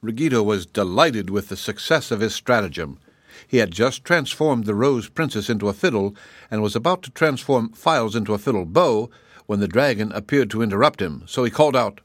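A man narrating a fairy tale audiobook in a measured, even storytelling manner. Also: lowish voice, no echo.

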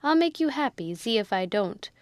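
A woman's voice: on the high side, sing-song, normal speed, no room sound. Woman playing a coarse old baronet. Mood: pleading. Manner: rustic dialect, blustering.

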